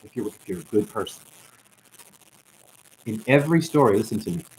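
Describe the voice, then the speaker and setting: A man's voice: on the low side, lively intonation, a little fast, low-quality recording. A man giving an impassioned spiritual monologue as a self-styled teacher, ranting at his viewers and calling them honey. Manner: ranting, calls listeners honey.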